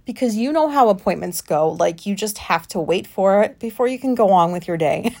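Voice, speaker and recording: A woman's voice: medium pitch, expressive, a little fast, creaky, a little mellow. A woman in her late thirties, an anxious and frustrated podcast host, venting in a rambling monologue that is full of swearing and fillers. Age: late 30s. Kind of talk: casual solo podcast monologue.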